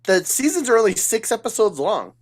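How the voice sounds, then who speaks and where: A man's voice: sits high, big pitch swings, fairly quick, slightly rough. A man with a slightly raised voice chats loosely on a podcast, retelling scenes at length. He swears freely and keeps talking with plenty of fillers. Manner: rambling storyteller, swears freely. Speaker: podcast co-host. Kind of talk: casual chat.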